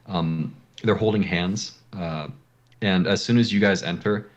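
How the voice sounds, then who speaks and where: A man's voice: low-pitched, a little slow, highs cut off. A man narrating as game master for a tabletop role-playing game, describing scenes with frequent ums and uhs. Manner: hesitant, many ums and uhs.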